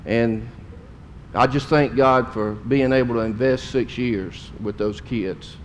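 A man's voice: mid-range voice, fairly even intonation, takes it slowly, slight background noise. Folksy middle-aged preacher man. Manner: folksy, emotional storytelling with drawled Southern phrases. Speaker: pastor. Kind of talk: sermon storytelling.

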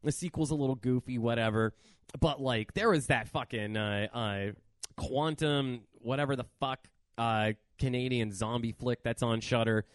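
A man hosting a casual horror movie podcast, talking in a profane, animated rant. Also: medium pitch, normal speed, no room sound, studio quality. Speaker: podcast host.

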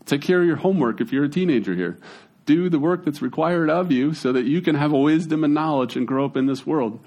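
A man, giving a casual, conversational sermon as a pastor, with folksy, animated storytelling. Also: on the high side, a little fast.

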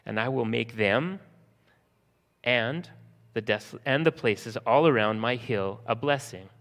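A man preaching a sermon, slowing for emphasis and acting out scenes from the text in lively voices. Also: mid-range voice, long reverb tail. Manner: lively storytelling, acting out disciples' panic in a raised voice. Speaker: pastor.

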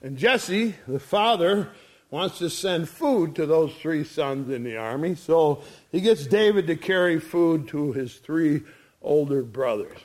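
A man's voice: a little high, lively intonation, measured pace. A man preaching a sermon in a folksy storytelling way, chuckling as he goes. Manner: folksy, chuckles through his stories.

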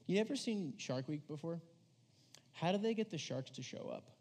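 A man's voice: on the high side, lively intonation, a little fast, darkish tone. A young man giving a casual storytelling sermon to a youth crowd, rambling and filling his talk with "like" as he acts out quoted voices. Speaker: youth preacher.

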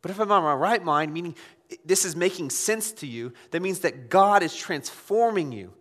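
A man preaching a sermon as pastor, conversational and animated, firing off rhetorical questions. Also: sits high, moderate pace, in a large hall.

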